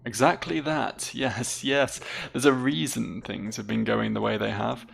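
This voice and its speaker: An anxious, suspicious young nobleman from a video game, read aloud by a man. The voice is heavily gravelly. Lines run earnest and dramatic, with high lifts on worried questions. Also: fairly even intonation, measured pace. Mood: brooding.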